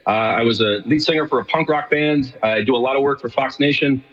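A middle-aged man from New York rattles along quickly in a husky voice, full of fillers and restarts. His remote line sounds dull and carries a long, hollow reverb. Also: mid-range voice, a bit bright. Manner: rambling, many fillers and restarts. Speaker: guest, show co-host. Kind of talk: casual radio interview.

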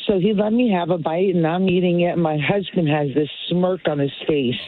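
A woman's voice: on the low side, steady tone, a little fast. Woman caller on a tinny phone line. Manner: rambling storyteller quoting herself. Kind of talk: casual chat.

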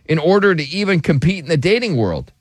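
A slightly high-voiced man hosts a casual podcast, joking loosely as he reads comments aloud. His voice sounds dry and close, with no room echo. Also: sing-song, fast talker. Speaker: podcast host.

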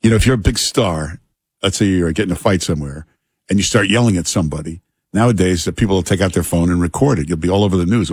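A man hosting talk radio, reading ads and chatting in a relaxed, halting way full of fillers. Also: sits low, slightly rough, no room sound. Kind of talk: talk radio with live ad reads. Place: radio studio. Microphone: studio microphone.

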